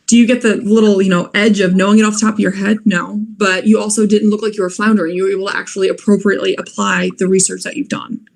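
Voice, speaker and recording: A young woman talks through moot court preparation in an earnest, practical tone. Her voice sits at a middling pitch with a gravelly, fry-tinged texture. She speaks casually, with fillers and the odd restart. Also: flat delivery, fast talker, few pauses. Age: young adult. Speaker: moot court competitor giving advice. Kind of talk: informal advice talk.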